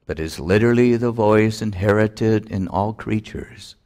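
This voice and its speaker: A man giving a solemn spiritual talk, with deliberate phrasing and long pauses. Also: fairly low pitch, a little mellow. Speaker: spiritual teacher.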